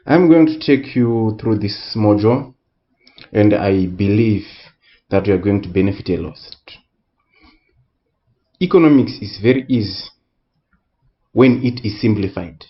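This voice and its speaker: A man tutoring economics in a recorded lesson, speaking deliberately and repeating key words for emphasis. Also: fairly low pitch, expressive, highs cut off. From Southern Africa.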